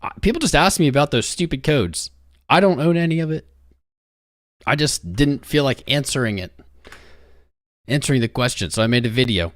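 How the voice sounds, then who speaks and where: A man's voice: medium pitch, animated, normal speed, pauses often, dry recording, clean studio sound. A young man hosting a crypto livestream, talking restlessly to his chat while he searches for something.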